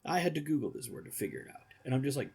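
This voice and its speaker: A podcast host chats casually, joking, rambling and laughing often. His mid-range voice races along with lively intonation, sounding creaky, darkish and a little breathy.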